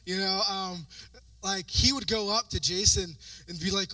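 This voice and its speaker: Man, pastor, sermon, animated storytelling, high bright voice, dry distant sound. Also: a little slow, dry recording. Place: church sanctuary.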